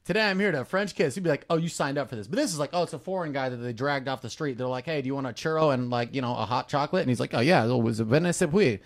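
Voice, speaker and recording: A man's voice: medium pitch, rapid-fire, hardly any pauses. A man co-hosting a podcast, joking and teasing crudely while reacting to an old video. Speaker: podcast co-host. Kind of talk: casual reaction chat.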